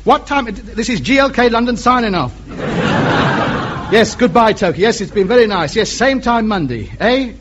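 A man's voice: sits high, lively intonation, moderate pace. An actor playing a chatty male amateur radio ham who over-explains in an exasperated way, in 1950s radio comedy style. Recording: muffled old radio recording with hiss.

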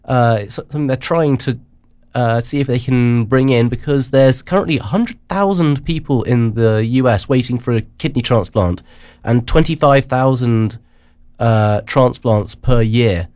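A man hosting a casual news chat, rambling with many halting restarts. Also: mid-range voice, darkish tone, dry recording. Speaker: radio show host.

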